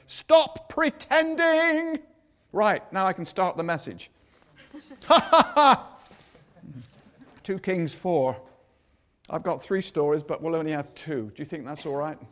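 An older man giving a chatty sermon, acting out the people in the stories. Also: high-pitched. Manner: chatty, acts out quotes in voices. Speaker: preacher.

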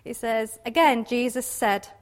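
Woman, informal Bible teacher, slightly high-pitched, chatty with frequent tag questions. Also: measured pace. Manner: chatty, laughs often, many tag questions. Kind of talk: informal devotional talk.

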